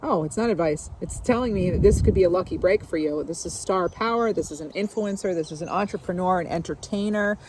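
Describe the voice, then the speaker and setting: A woman with a slightly low voice gives a tarot reading out of doors. She muses her way through each card, easy and intuitive, with plenty of fillers and small asides. Faint outdoor noise sits behind her voice. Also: brisk, hardly any pauses, a little mellow. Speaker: tarot reader. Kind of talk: casual spoken tarot reading.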